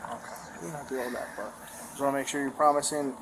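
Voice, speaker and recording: A woman police officer asking calm, patient questions, recorded on a body-worn camera at a police scene. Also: a bass voice, fast talker. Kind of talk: bodycam interview and reading of rights. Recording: noisy body camera audio.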